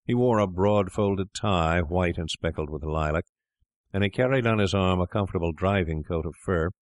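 A man narrates an old tale at a measured pace, with a very low, deep voice. The recording is dry and close, with no room sound. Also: no room sound. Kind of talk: scripted narration of a classic story.

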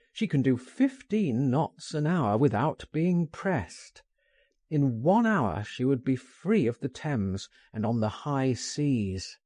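Narrating an audiobook, a mid-range male voice tells the tale with measured expressiveness. No room sound can be heard.

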